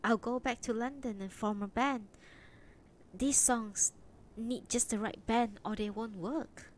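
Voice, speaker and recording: A modest, hesitant young songwriter, as a woman reads him aloud speaks plainly and without fuss. The voice sits a bit high for him. A faint low rumble hums behind. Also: a little slow, close to an everyday voice. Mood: earnest.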